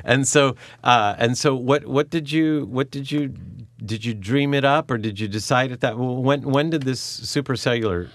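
A man hosting an audio interview, halting and repeating his words, and laughing often. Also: medium pitch, slight background noise. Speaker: host.

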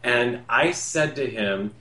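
A man's voice: mid-range voice, lively intonation, takes it slowly, bright, forceful tone. A man hosting a radio talk show, telling a personal story in a casual, rambling way with restarts and self-corrections. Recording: roomy echo, faint background hum.

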